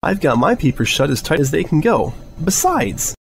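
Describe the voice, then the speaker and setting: A man's voice: fairly high pitch, very animated, normal speed, gravelly, soft background music, pitched above the performer's own voice. A man voicing a bubbly, hyper female pony with a sing-song voice in a storybook reading. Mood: playful.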